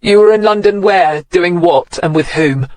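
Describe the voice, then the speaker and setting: A man's voice: high voice, moderate pace, darkish tone, no room sound, close to an everyday voice. A man voicing a curt, wry detective. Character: brisk, amused male police detective. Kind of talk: audiobook character voice.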